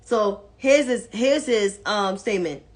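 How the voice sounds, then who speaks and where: Blunt, slow-talking woman commentator. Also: medium pitch, animated. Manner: blunt and profane, mocking. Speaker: political commentator. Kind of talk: casual political commentary.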